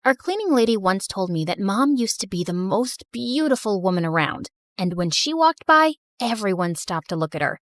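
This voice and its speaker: A woman narrating an animated drama in the first person, telling it with emotional, expressive storytelling. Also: mid-range voice, normal speed, hardly any pauses, no room sound, clean studio sound.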